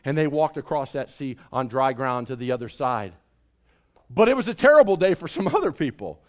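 A man preaching a sermon as pastor, animated and drawing the congregation into call and response. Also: medium pitch, brisk. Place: church sanctuary.

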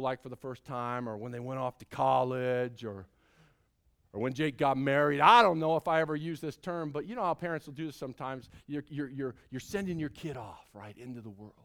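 A middle-aged man preaching a sermon as pastor, emphatic, swinging between loud calls and hushed lines. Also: medium pitch.

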